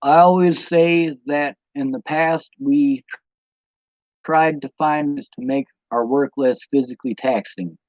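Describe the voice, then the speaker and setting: A man's voice: medium pitch, darkish tone, no room sound. Tired, rambling Midwestern man on stream. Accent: American Midwest. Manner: meandering, goes off on tangents, many ums. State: tired from lack of sleep. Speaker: livestreamer answering chat. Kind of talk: rambling casual livestream talk. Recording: dull lo-fi stream audio.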